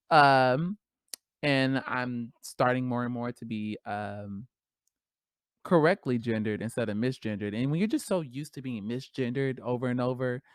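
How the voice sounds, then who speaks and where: Animated slangy woman podcaster, dry sound. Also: extremely low pitch, clean tone, no room sound. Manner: animated, slangy, laughs often. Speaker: podcast host. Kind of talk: casual solo podcast chat.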